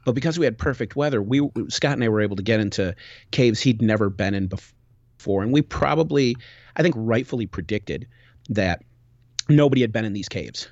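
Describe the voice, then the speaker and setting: A man hosting a podcast, telling a travel story in casual chat, animated and full of restarts. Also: fairly low pitch, brisk, dry recording. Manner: animated, rambling with many restarts. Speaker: podcast host. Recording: dull, dry lo-fi recording.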